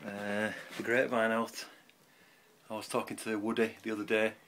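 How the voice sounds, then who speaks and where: This allotment vlogger's voice sits lowish, with little pitch movement, a normal pace and a slightly bright tone. Slight background noise comes through as he gives a rambling, self-mocking garden tour, recorded outside on a camera mic.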